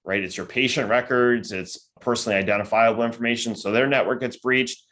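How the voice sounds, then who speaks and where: A man giving a virtual conference lecture in a conversational way, often tagging his points with quick questions to the audience. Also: mid-range voice, fairly even intonation, a bit bright. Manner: conversational, with frequent tag questions; acts out listeners' objections in quoted voices. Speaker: cybersecurity company executive giving a lecture.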